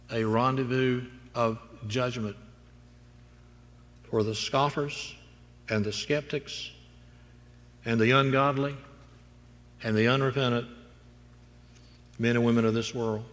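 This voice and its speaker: A male pastor preaching a sermon, moving from storytelling to emphatic declarations. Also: mid-range voice. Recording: long reverb in a large hall.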